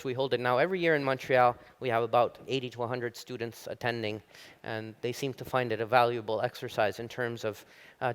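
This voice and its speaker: A middle-aged man from Italy, giving a public university lecture as an animated storyteller. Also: smooth. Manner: animated storyteller, rises high when telling jokes. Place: lecture hall.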